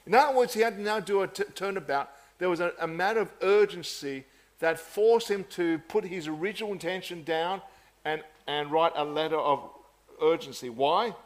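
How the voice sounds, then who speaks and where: A man preaching a sermon in an earnest, measured way, often repeating phrases for emphasis. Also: high voice.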